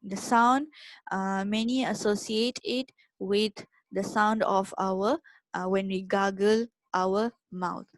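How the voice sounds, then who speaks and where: A woman teaching Quran recitation, patiently repeating each letter sound slowly for her learners. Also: mid-range voice, fairly even intonation, no room sound. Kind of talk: tajwid lesson, demonstrating letter sounds.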